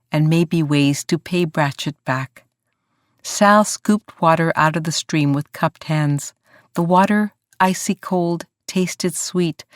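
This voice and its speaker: An audiobook narrator reading a historical story in an even, measured way. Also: medium pitch, dry recording, studio quality. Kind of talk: scripted narration.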